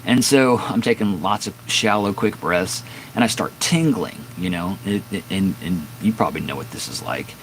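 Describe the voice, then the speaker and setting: A man's voice: low-pitched, moderate pace, slight background noise, low-quality recording. A man in his fifties casually telling a long, candid story on a live stream from his garage, rambling with fillers and restarts. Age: 50s. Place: home garage with door open at dusk.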